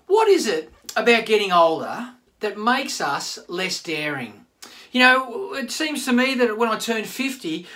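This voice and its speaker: A man, a pastor giving a chatty online sermon and talking straight to his listeners. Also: high-pitched. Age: 50s. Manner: chatty, animated, addresses listeners directly.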